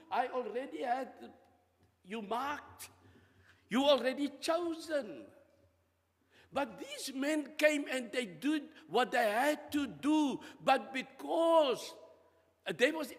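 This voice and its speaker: Animated preaching man in a reverberant hall. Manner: animated, emphatic preaching with dramatic pitch swings. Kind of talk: sermon. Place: church.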